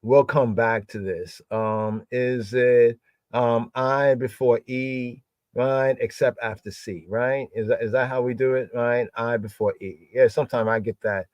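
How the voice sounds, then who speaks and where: A man hosting a livestreamed bible word study, repeating key words slowly and often checking in with "right?". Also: medium pitch, steady tone, darkish tone, no echo.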